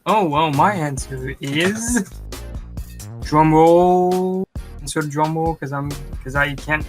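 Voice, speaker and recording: A man's voice: a little high, slow, soft background music. A teenage boy co-hosting a casual podcast, goofily reading out listener questions. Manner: goofy, reads out listener questions. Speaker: podcast co-host. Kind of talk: casual group chat.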